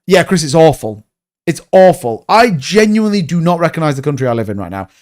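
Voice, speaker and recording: Yorkshire male livestream host, casual and blunt, repeats his points, slightly high pitch. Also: very animated, brisk. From Yorkshire, England. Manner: chatty, blunt, repeats himself, says mate. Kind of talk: casual livestream chat reading viewer comments.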